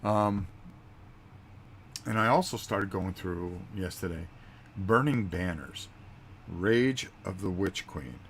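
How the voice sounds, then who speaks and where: A man's voice: low-pitched, animated, slow pace, pauses often, slight background noise. A man hosting his own vlog, chatting casually and rambling through a story with fillers and acted-out quotes. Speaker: vlog host. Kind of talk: casual chat.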